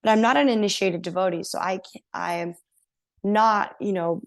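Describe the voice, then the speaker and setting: A woman guest on a podcast interview, telling her personal story in an earnest, animated way and laughing now and then. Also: mid-range voice, normal speed, creaky. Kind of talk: casual interview.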